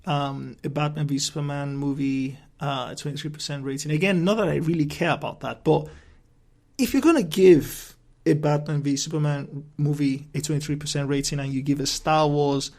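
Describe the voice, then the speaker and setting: A man's voice: a little high, a little mellow. A man hosting a solo podcast, ranting and rambling with plenty of profanity and restarts. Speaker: podcast host.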